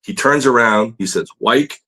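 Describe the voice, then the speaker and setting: A man, a guest on a livestream, telling a story in an animated, casual way, often laughing and acting out scenes. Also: mid-range voice, normal speed, low-quality recording.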